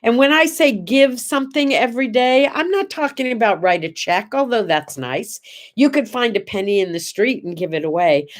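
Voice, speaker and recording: A woman hosting a casual morning show, telling anecdotes in a chatty, animated way with playful asides. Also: mid-range voice. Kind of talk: casual chat and storytelling.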